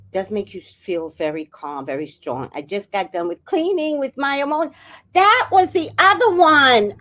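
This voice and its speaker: A woman's voice: medium pitch, expressive, normal speed, fairly bright tone. A woman from New York City hosting a casual livestream chat, ranting sarcastically and breaking into laughter. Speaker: livestream host.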